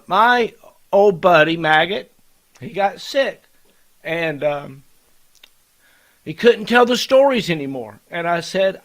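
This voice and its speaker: An American man hosting a casual livestream chat, excited and rambling with many fillers. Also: high voice. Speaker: host.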